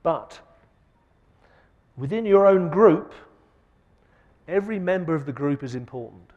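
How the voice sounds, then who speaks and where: A man giving a conference lecture, asking the audience rhetorical questions with an emphatic delivery that swings between loud and soft. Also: on the high side, animated, measured pace, highs cut off. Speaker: keynote speaker. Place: large conference hall. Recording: long hall reverb.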